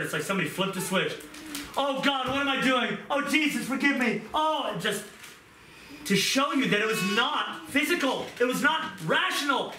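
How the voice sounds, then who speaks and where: Impassioned high-voiced preacher in echoey room. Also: male voice. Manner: impassioned, swings from loud pleading to hushed, tearful moments. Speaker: pastor. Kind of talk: sermon. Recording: echoey room, mic at a distance, audible background noise.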